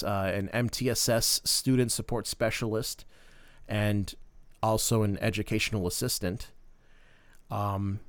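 A man in his thirties from Minnesota speaks slowly and earnestly as a podcast host, pausing with plenty of fillers. His voice is smooth and clear. The sound is dry and close, with no room around it. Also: mid-range voice, no echo. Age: 30s. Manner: earnest, heartfelt, with many fillers. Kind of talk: personal storytelling monologue.

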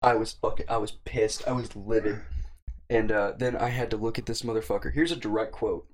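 A young man casually telling a long, profane story with a wry, deadpan edge, co-hosting a podcast. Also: on the low side, a little fast, slight background noise. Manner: profane, wry, deadpan delivery of quoted lines. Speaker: podcast co-host.

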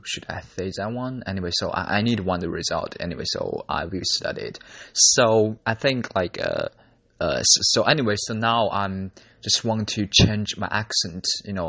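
A young man who is not a native English speaker, a university student talking casually in a vlog, halting with many fillers and restarts. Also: low voice, gravelly, sharp tone, highs cut off. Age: young adult.

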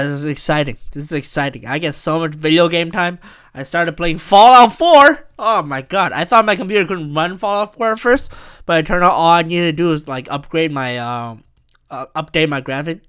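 A man hosting a rambling solo podcast, animated and profane, who often bursts into shouting. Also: fairly high pitch, smooth. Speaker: podcast host and stand-up comic.

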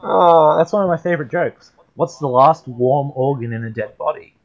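A man cohosting a podcast, cracking dark one-liners and chuckling at them. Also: on the high side, moderate pace. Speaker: podcast co-host. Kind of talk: crude comedy banter. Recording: dull lo-fi podcast audio.

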